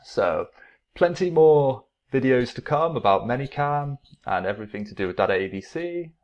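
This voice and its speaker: A man who teaches English online, explaining a classroom game in a relaxed, casual way and repeating his points. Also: mid-range voice, normal speed, highs cut off. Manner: relaxed, repeats himself, acts out playful classroom exclamations.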